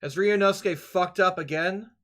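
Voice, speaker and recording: A man streaming a game, joking and swearing through excitable casual commentary. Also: sits high, moderate pace, background noise.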